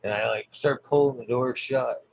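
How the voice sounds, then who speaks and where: A man's voice: medium pitch, steady tone, normal speed, gravelly, rough recording. A man hosting his own channel, telling a rambling, swear-heavy story in casual vlog style. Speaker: channel host.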